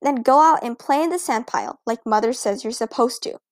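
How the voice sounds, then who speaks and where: A woman's voice: a little high, a little fast, no room sound, clean studio sound, natural voice. A woman reading a storybook who voices a bossy, prim schoolgirl big sister. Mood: scolding. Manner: bossy, correcting.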